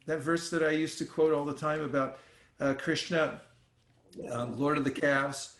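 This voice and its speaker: A man leading an informal scripture class, talking in a relaxed, conversational way with many fillers and restarts. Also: on the high side, normal speed. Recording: roomy echoey sound.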